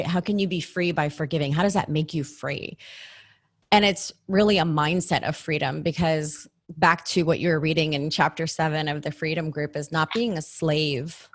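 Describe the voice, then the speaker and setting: Woman, church podcast host, low-ish voice, earnest and encouraging. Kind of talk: faith podcast conversation.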